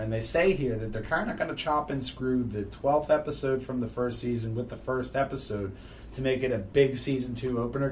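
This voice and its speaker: A man hosting a casual podcast, telling stories with frequent loud laughter. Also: mid-range voice. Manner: loud laughing, animated storytelling. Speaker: podcast host. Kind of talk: casual chat. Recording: distant mic, faint noise.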